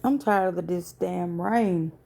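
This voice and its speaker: A woman's voice: lowish voice, slow pace, vocal fry, dark tone. A woman hosting a casual live stream from home at night, sleepy and yawning, greeting viewers in a laid-back, profane way. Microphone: phone.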